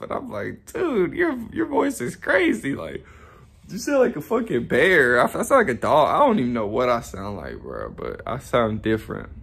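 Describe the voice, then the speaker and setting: A man's voice: lowish voice, gravelly. A young man talking straight to camera in a rambling, profane, self-reflective vlog monologue, often laughing at himself. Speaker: YouTuber. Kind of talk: casual motivational monologue.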